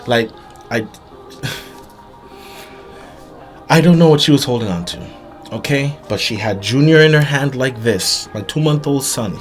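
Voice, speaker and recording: A man telling a personal story to his viewers in an earnest, halting way, with many restarts and repeated words. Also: medium pitch. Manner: earnest, emphatic retelling. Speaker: vlogger.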